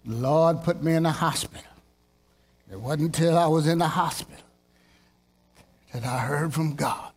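High-voiced man preaching a sermon. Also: normal speed, pauses often, breathy edge. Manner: animated, jokey, jumps into playful voices; repeats lines for emphasis.

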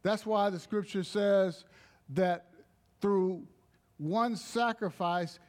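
A male preacher delivers a sermon at a deliberate, unhurried pace. His voice sits a little high, and he leans hard on key words, dropping in short exclamations of praise between points. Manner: slow, emphatic, with interjections of praise.

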